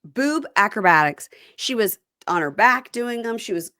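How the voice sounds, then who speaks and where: A woman hosting a podcast, recapping reality TV in casual chat and acting out quotes with big swings in pitch. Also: expressive, moderate pace, bright, forceful tone, no echo, clean studio sound.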